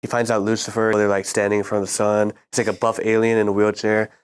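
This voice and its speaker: Laid-back young man, smooth low voice. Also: flat delivery, fast talker. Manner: rambling, laid-back summarizing with frequent "like". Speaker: student show panelist. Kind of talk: casual chat.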